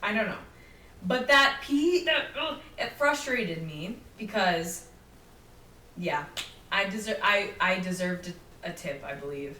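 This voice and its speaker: A young adult woman hosting a solo podcast, telling a story in an animated, chatty way and acting out what people said. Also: mid-range voice, a little slow. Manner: animated, chatty, acts out quotes. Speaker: podcast host. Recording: roomy, slightly distant mic with faint noise.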